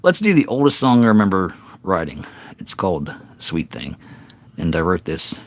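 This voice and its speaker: A man's voice: low-pitched, big pitch swings, normal speed, a little hiss or hum. A middle-aged man, out of breath, giving rambling, earnest advice in a casual live-stream chat between songs. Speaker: singer-songwriter streamer.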